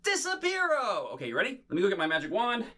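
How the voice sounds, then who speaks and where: A man hosting a children's bubble show, chatting playfully straight to the kids. His voice is bright and forward, and his pitch leaps around with lots of life. He sits a little higher than most men. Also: very animated, very fast.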